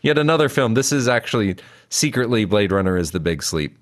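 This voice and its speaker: Young guy chatting about movies, low voice but jumps around a lot, rambly, giggly. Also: big pitch swings, a little fast. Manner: rambling, giggly, lots of fillers. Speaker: podcast co-host. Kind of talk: casual film commentary chat.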